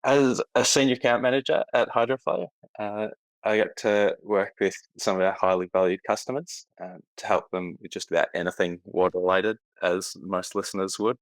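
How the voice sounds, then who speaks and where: Australian man, low flat voice, measured podcast guest, dry sound. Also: no room sound. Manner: measured, modest, even. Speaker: podcast guest, account manager. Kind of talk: interview answers.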